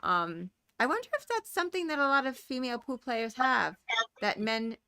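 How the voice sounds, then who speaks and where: A woman guest panelist talking through ideas in an animated way, with many restarts. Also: fairly high pitch, normal speed, smooth, no echo, studio quality. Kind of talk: panel discussion.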